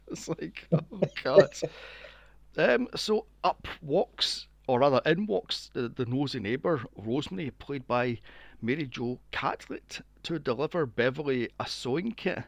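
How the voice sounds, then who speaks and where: A man co-hosts a podcast, chatting his way through a film recap with a gravelly, creaky edge to his voice. His pitch swings widely as he talks, and he swears freely. The sound is dry and close, with no room around it. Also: a little slow, no echo. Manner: animated, swears freely, acts out quotes in a mocking voice. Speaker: podcast co-host. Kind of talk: casual film recap chat.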